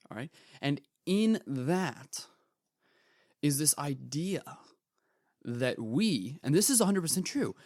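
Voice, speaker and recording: A teenage boy hosting a podcast, retelling a parable in earnest, casual commentary with animated asides. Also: medium pitch, no echo, clean studio sound. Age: teens. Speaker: podcast host.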